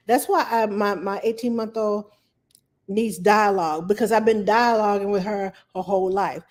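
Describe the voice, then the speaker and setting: A woman's voice: mid-range voice, steady tone, normal speed, darkish tone. A middle-aged woman hosting a live stream as a nanny, chatting casually and repeating herself for emphasis. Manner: chatty, repeats herself for emphasis, acts out little dialogues with her toddler.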